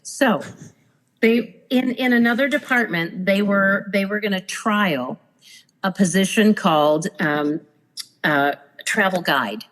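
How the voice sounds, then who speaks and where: A former cruise director swaps stories on a laid-back podcast, her medium-pitched voice moving slowly over a rough recording. She's animated, acting out each person she quotes.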